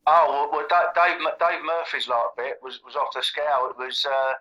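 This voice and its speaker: A man's voice: medium pitch, fairly even intonation, normal speed, pushed and bright, dull audio. A middle-aged man chatting as a guest, rambling and enthusiastic with lots of fillers. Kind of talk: casual chat.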